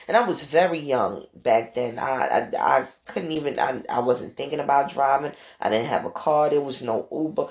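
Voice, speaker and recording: Ny lady podcaster telling a story, gravelly voice, swears a lot, animated, middle-aged. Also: moderate pace, hardly any pauses. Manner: animated, profane, acts out quotes with big pitch jumps. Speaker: podcast host. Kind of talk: casual storytelling monologue.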